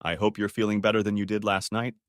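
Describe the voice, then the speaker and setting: A man's voice: lowish voice, flat delivery, fast talker, dry recording, clean studio sound, natural voice. A man voicing a scheming, unfaithful wife who talks in a sweet, evasive way.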